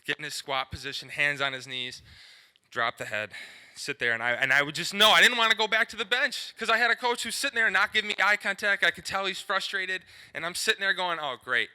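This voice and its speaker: Earnest man with a very bright voice. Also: high-pitched, a little fast, clean tone. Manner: earnest, addresses his partner as coach. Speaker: co-presenter, former athlete. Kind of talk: motivational talk to coaches.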